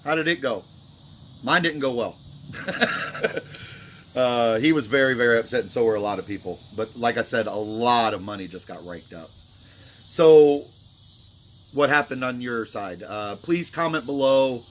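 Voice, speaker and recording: A man's voice: mid-range voice, a little slow, pauses often, slight background noise. A man vlogging about a mistake at a dice table, talking in a remorseful, rambling way full of fillers. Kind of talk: casual talk to camera.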